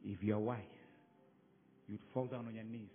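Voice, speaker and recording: A man's voice: lowish voice, steady tone, a little slow, music in the background. Man preaching a sermon over a tinny line. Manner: emphatic, calls out to the congregation with sudden loud bursts and soft drops. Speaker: pastor. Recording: phone-like narrow sound.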